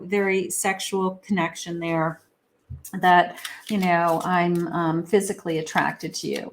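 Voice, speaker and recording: A woman's voice: medium pitch, vocal fry. Chatty woman giving a tarot reading. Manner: chatty, rambling, with many fillers; acts out lovers' quoted lines. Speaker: psychic tarot reader. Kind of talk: casual spoken tarot reading.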